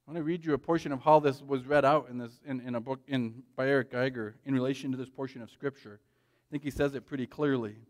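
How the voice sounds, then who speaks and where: A man preaching a sermon in a church, animated and conversational, often checking in with "right?". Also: medium pitch, fast talker. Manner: animated, frequent "right?" tag questions. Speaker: pastor.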